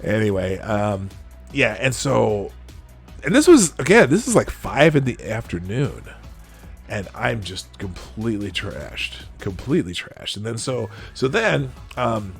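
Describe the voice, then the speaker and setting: Animated, husky-voiced male show host. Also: lowish voice, a little slow, soft background music. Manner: rambling, animated, lots of restarts. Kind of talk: casual live-show storytelling.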